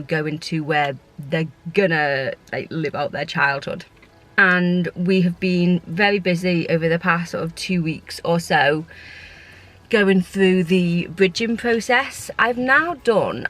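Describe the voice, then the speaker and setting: A short-term foster carer talks through her feelings in a casual, reflective vlog, heartfelt and rambling, often restarting her sentences. Her voice is lowish and a bit bright.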